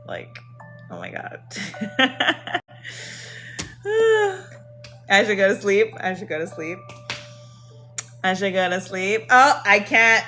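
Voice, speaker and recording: Woman livestream host with a lilt, bubbly and slangy, soft music under her. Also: medium pitch. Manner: bubbly, slangy, greets viewers by name. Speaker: livestream host giving card readings. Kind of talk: casual livestream chat.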